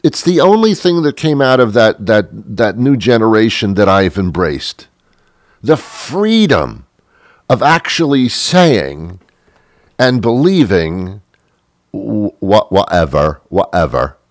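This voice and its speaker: A man's voice: medium pitch, big pitch swings, takes it slowly, no echo, clean studio sound. A middle-aged man hosting a show, delivering a wry, rambling comic monologue with mock-biblical asides. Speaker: show host.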